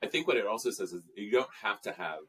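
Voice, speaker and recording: A man with a low, somewhat husky voice talks as an interview guest. He is earnest and reflective, pausing often with fillers as he searches for his words. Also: big pitch swings, sharp tone. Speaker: guest, emotional intelligence trainer. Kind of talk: interview conversation.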